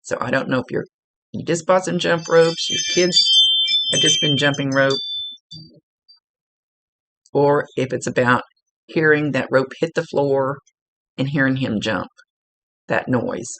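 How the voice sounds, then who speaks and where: A woman psychic medium talks through a reading in a relaxed, chatty way, blunt and quick to laugh. Her voice is gravelly and husky. The sound is close and dry, with no room around it. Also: rumbling low, no echo. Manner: chatty and blunt, laughs often, swears casually. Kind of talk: casual spoken reading for a client. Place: indoors at a table.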